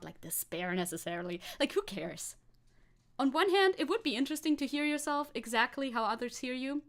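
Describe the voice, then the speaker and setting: A woman's voice: on the high side, a bit bright. A woman chatting on a live stream, rambling and scatterbrained, laughing often between thoughts. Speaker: VTuber streamer. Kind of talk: casual live-stream chat.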